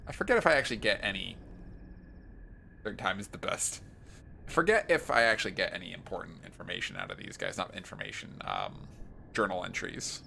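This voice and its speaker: A male streamer chats over his game with a playful, joking manner. His voice has a gravelly edge and a bright, sharp tone. His pitch swings widely as he talks. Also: sing-song, a little fast, slight background noise. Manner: playful, jokey asides. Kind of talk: let's play commentary.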